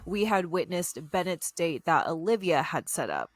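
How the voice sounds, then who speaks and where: A woman hosts a casual book chat podcast and leads the talk in an upbeat, friendly way. Her voice is slightly low for a woman. The sound is dry and close. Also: big pitch swings, moderate pace, dry recording. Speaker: podcast host.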